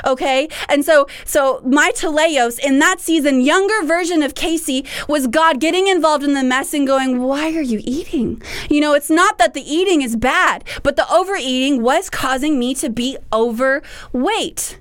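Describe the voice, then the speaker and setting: A young woman with a high voice hosts a faith podcast. She teaches in an earnest, preachy way, doubling back on her words as she goes. The sound is dry and close, with no room around it. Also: moderate pace, hardly any pauses, dry recording. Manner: earnest, preachy, with repeated restarts. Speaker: podcast host.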